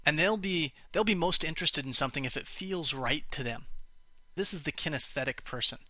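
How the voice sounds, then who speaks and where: A man's voice: a little high, animated, brisk, bright, forceful tone, no room sound. A man teaching a lesson on how to speak to different kinds of buyers, explaining and acting out example phrases, with some restarts. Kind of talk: spoken lesson on communication styles.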